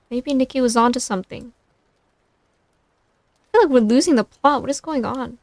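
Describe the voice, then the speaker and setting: A woman streamer reads fan fiction aloud and keeps stopping for amused, self-mocking remarks. Her voice is high and the sound is dry and close on a desk mic. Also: moderate pace, pauses often, no echo. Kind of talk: casual reading aloud with asides.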